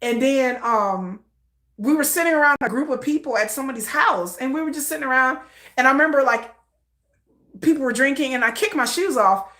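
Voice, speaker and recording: Bright high-voiced woman vlogger chatting. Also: fairly quick, reverberant. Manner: chatty, animated retelling with many fillers. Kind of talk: casual storytelling.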